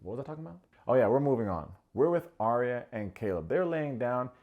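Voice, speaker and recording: A man hosting a comedic TV recap, sarcastic and quick to mock. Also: expressive, narrow, tinny audio. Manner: sarcastic, acts out quotes in high mocking voices. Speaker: recap show host.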